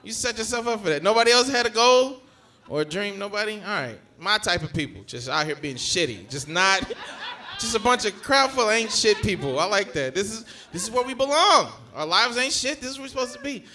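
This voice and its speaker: A man's voice: high voice, animated, fairly quick, bright, forceful tone. A young man from Georgia doing live stand-up in a long comedy club room. He works the crowd on a handheld stage mic with loose, profane banter. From Georgia, USA.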